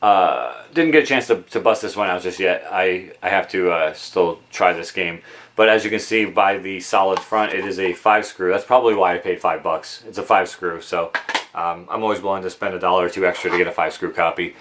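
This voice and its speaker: A man talking casually about video games he has bought, in a relaxed, rambling way full of ums and uhs, recorded at home in his game room on a camera mic. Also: low-pitched, brisk, a little hiss or hum. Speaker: video game collector vlogger. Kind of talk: casual show-and-tell of game purchases.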